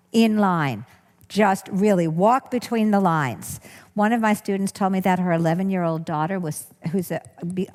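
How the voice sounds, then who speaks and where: A woman's voice: medium pitch, a little mellow. A woman giving a talk as a workshop teacher. She speaks earnestly and keeps rephrasing and repeating herself for emphasis. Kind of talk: talk to an audience. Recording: long hall reverb.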